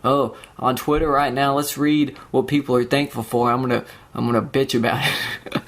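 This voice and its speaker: A man's voice: mid-range voice, little pitch movement, unhurried, long pauses, fairly bright tone. A young man hosting his own podcast, ranting alone with heavy profanity and sarcasm, mocking other people in put-on voices. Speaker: podcast host. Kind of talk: solo podcast rant.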